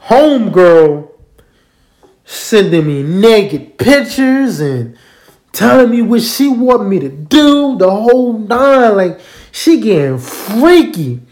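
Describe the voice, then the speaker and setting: Man, casual storytelling, animated, swearing freely, lively up-and-down pitch, roomy echo. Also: slow. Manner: animated, profane, keeps asking listeners to agree.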